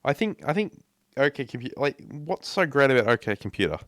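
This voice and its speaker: A man hosting a casual podcast, rambling and repeating himself as he gives quick opinions. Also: medium pitch, very animated, fairly bright tone, no echo, studio quality. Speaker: podcast host.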